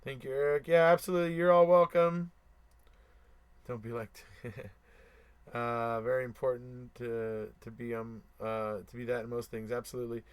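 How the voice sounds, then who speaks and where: A man's voice: medium pitch, flat delivery, normal speed, clean tone. A man hosting a casual live stream, reading viewer comments aloud and answering them, who repeats himself for emphasis and chuckles between remarks.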